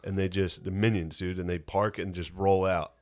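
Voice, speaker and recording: Man, low voice, dry and wry co-host in casual banter. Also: flat delivery, moderate pace. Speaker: podcast co-host.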